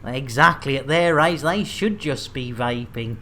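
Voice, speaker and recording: A man's voice: medium pitch, unhurried, sharp tone, a little hiss or hum. Male streamer, chatty and jokey, addressing his viewers. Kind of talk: casual game streaming chat.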